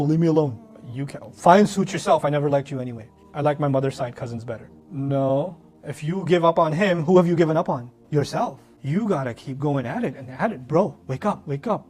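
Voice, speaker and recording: Man, Islamic talk, urgent and animated, quick delivery, somewhat high voice. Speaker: Islamic speaker. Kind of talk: sermon-like lecture.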